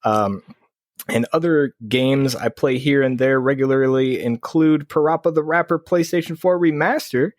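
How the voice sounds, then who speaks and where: A man's voice: normal speed, no echo, clean studio sound. A man co-hosting a podcast over a video call, chatting casually, laughing often and reading out listener messages. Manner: laid-back, laughing often, lively pitch. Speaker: podcast co-host.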